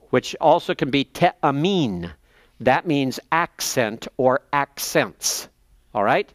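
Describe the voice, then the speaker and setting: A man in a seminary lecture, explaining texts step by step, slowing down to spell out terms and page numbers, thinking aloud as he checks his notes. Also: mid-range voice, expressive, no room sound. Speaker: seminary professor. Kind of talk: classroom lecture.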